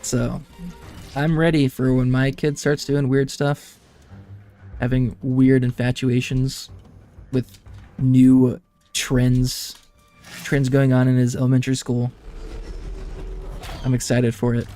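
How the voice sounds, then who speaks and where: A man's voice: medium pitch, little pitch movement, slow pace, long pauses, mellow, faint music behind. A young man and streamer telling rambling family anecdotes in casual chat, laughing often. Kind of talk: casual chat while gaming.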